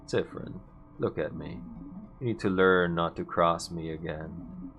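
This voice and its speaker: A man voicing a cruel male king villain in a game, speaking slowly and low with threats. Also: steady tone, lo-fi sound, faint music behind. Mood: menacing. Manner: slow, low, threatening delivery. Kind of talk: video game voice-over reading.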